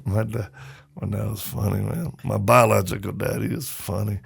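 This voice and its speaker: A man's voice: on the low side, normal speed, gravelly, husky. A middle-aged man, a podcast guest, telling stories in a casual interview and acting out the voices of the people in them. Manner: animated storyteller acting out quotes.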